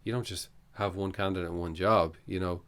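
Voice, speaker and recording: A man's voice: deep voice, fairly even intonation, a little fast, a bit bright, clear, resonant tone. A man hosting a casual podcast interview, thinking aloud with restarts and short backchannels. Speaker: podcast host.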